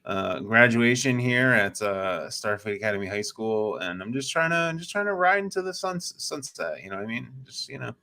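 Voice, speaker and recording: A man's voice: medium pitch, animated, normal speed, few pauses, sharp tone. A man co-hosting a casual podcast chat, laid-back and blunt, swearing freely. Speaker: podcast co-host.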